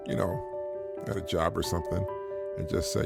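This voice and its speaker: Middle-aged male podcast host, low gravelly voice, earnest and repetitive, faint music bed. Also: moderate pace, pauses often. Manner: earnest, repetitive, chuckles at his own points. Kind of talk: casual advice monologue.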